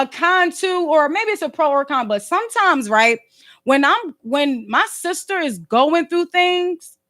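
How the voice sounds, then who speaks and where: This Philadelphia livestreamer and podcast host talks casually over a phone stream in a loud, high voice. Her style is slangy and animated, peppered with rhetorical asides, forceful and at times sharp-tongued.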